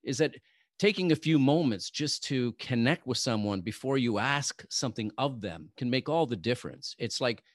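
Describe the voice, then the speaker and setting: A male interview host with a medium-pitched voice speaks in an encouraging, reflective way. His tone is conversational, and the recording sounds close and dry with no room echo. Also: lively intonation, normal speed.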